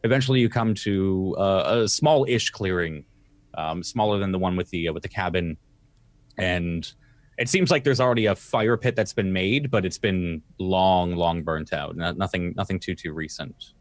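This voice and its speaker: Low-voiced male game master. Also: moderate pace, no room sound. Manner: relaxed, descriptive, full of ums and uhs. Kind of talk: narrating a tabletop game.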